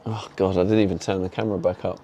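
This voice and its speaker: A livestreamer building a camper van chats casually with his stream audience as he works, laid-back and full of fillers. He talks fast in a deep, dark voice with a steady tone.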